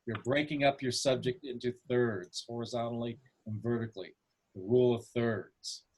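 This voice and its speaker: A man's voice: mid-range voice, fairly even intonation, moderate pace, darkish tone. A man teaching a photography class over a video call, asking the students questions and encouraging them.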